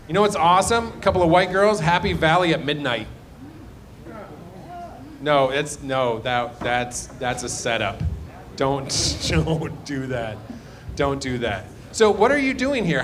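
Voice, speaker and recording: A man's voice: a little high, sing-song, measured pace. A man doing live stand-up crowd work, rambling and self-deprecating, often trailing off. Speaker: stand-up comedian. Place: live comedy show.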